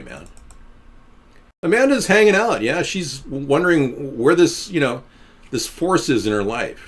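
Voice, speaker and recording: Man, live stream host, sarcastic, ranting, very animated pitch. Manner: swoops between high and low voices. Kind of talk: live stream chat with viewers.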